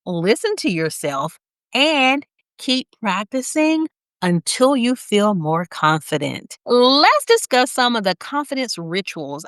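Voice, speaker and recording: A woman with a Southern US accent teaching a motivational business lesson, speaking slowly with deliberate pauses and a smiling, energetic delivery. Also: mid-range voice, dry recording, clean studio sound. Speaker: business coach for nurses.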